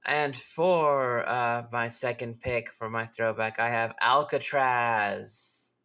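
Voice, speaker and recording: Male co-host, bright voice, slow and hesitant delivery, casual podcast chat. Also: medium pitch, fairly even intonation, clear, resonant tone. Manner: hesitant, filler-heavy.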